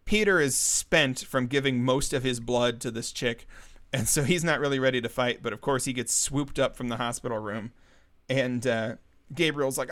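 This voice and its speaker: Casual podcast co-host, male, animated storyteller who laughs a lot and jumps up in pitch for quoted lines. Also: moderate pace. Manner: animated, laughs often, acts out characters' lines in a raised voice. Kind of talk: casual chat recapping a comic story.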